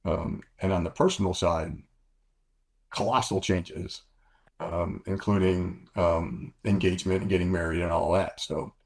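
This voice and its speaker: An older man with a deep, husky voice tells stories as an interview guest. He rambles and corrects himself often as he works through each anecdote. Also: fairly even intonation, measured pace. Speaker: guest, former fighter pilot. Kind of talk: storytelling interview.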